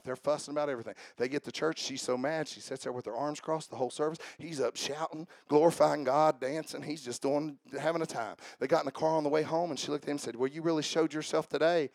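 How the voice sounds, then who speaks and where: A man preaches to a church congregation, his voice pitched fairly high and rough with gravel. He climbs to shouted exhortations, then drops low for wry asides to the room. The sound is dry and close. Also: no room sound. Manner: swings from shouted exhortation to quiet joking asides. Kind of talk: sermon.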